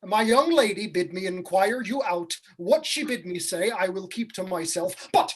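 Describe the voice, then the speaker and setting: A woman doing a husky, groaning old nurse. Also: mid-range voice, animated, moderate pace. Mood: teasing. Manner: moaning, dawdling, complaining of aches. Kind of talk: amateur stage reading of a classic play.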